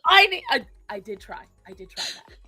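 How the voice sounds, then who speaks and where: Lively high-voiced woman streamer. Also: normal speed. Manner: animated, laughing, swearing, dramatic complaints. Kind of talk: casual gaming chat.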